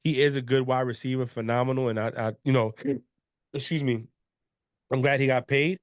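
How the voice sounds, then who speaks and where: A man hosting a casual sports podcast, chatting in a relaxed, conversational way with frequent restarts. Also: mid-range voice, moderate pace, no echo, clean studio sound. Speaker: podcast host.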